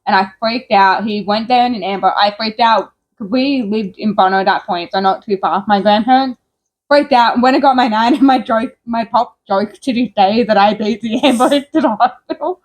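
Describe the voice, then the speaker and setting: A woman's voice: fairly high pitch, moderate pace. A young woman co-hosting and telling a story in a casual chat, laughing often. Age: young adult. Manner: laughs often, animated and chatty. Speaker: co-host.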